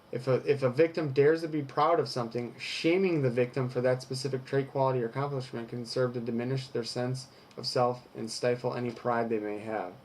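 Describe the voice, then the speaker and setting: A man's voice: mid-range voice, a little mellow, a little hiss or hum. Frank man in a casual personal vlog. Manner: reads from an article, then rambles in frank reflection with profanity. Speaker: vlogger.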